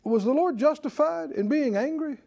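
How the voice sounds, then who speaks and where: A man preaching a sermon in a folksy, scolding way, slow and emphatic. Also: very high-pitched, animated, creaky, mellow.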